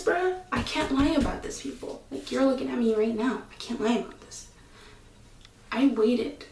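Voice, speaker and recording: Young woman vlogger, higher voice, chatty slangy storyteller, roomy echo, a bit off-mic. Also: distant mic, a little hiss or hum. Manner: animated, slangy, full of fillers and asides to viewers. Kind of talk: casual storytime.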